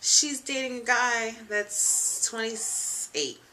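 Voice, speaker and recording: A woman's voice: on the high side, steady tone, extremely slow, bright, forceful tone, slight background noise. A young woman hosting her own casual web show from a chair at home, chatty, frank and joking, with plenty of ums and asides. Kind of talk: casual chat. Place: home room, seated in a leather chair.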